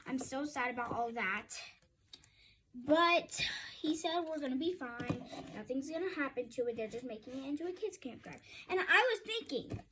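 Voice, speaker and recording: A woman's voice: sits high, sharp tone, a little hiss or hum, low-quality recording. A young girl rambling casually to her viewers in a chatty vlog, often calling them "y'all". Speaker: vlogger.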